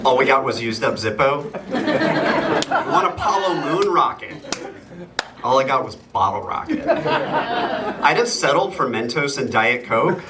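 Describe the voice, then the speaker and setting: A man doing a stand-up set on a theatre stage, delivering dry, deadpan punchlines. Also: mid-range voice, a little slow, pauses often. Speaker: stand-up comedian. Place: theatre stage before a live audience. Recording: distant mic, loud room noise.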